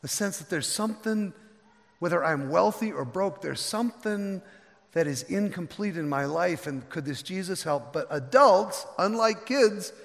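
An older male pastor preaching in a church, his somewhat high voice carrying a gravelly edge. He tells the story with lively, folksy asides. The sound rings with the long reverb of a large hall. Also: a little slow. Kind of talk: sermon. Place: church sanctuary.

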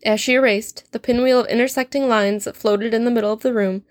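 A woman reading a fan-written story aloud in a steady, measured narration. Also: a little high, no echo, clean studio sound. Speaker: fanfiction reader.

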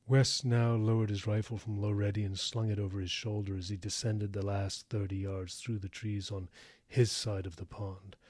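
Low husky male narrator, dry sound. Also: dry recording. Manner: steady, measured reading. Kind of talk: audiobook narration.

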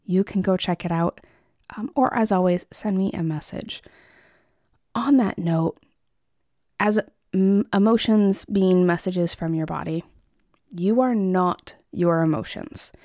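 A woman's voice: on the low side, measured pace, long pauses, mellow, no echo, clean studio sound. A woman therapist hosting her own podcast, talking straight to the listener in a conversational way and calling them friend. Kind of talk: solo podcast talk.

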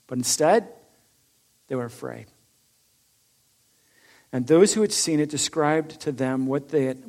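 A man preaching a sermon, reading scripture aloud with rising force and then explaining it in a lower, conversational tone. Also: darkish tone. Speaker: pastor.

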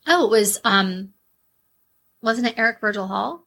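A woman co-hosting a true-crime podcast, with a husky, mid-pitched voice. She talks bluntly and swears freely. Her delivery is loose and conversational. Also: animated, a little slow, a bit bright. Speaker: podcast co-host. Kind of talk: casual true-crime chat.

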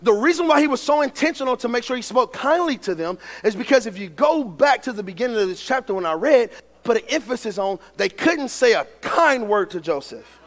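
High-voiced preacher in echoing hall. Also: male voice, big pitch swings, a little fast. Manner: builds to shouted preaching, reads scripture aloud. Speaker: pastor. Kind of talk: sermon. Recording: long hall reverb.

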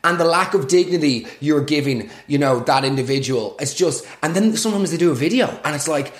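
A man's voice: on the high side, lively intonation, a little fast, hardly any pauses. A young man hosting a podcast, delivering a sarcastic, exasperated comic rant and swearing freely. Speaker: podcast host. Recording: echoey room.

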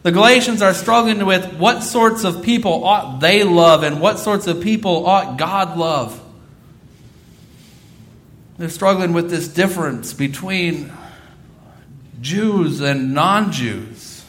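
A man's voice: high-pitched, slow pace, a bit bright. A man in his thirties preaching a sermon, earnest and repeating phrases for emphasis. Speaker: pastor.

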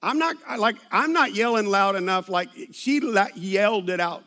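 A middle-aged pastor preaches with a notably high-pitched voice. He tells stories animatedly, breaking off into restarts and asides as he goes. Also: moderate pace, pushed and bright. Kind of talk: sermon with personal stories.

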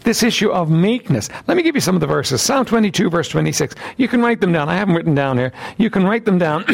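Guy preaching a sermon, kinda high, gravelly voice, clears his throat a lot, reads old bible verses out loud. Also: sing-song, quick pace. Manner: reads scripture aloud in old wording. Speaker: Bible teacher. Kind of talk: sermon with scripture reading.

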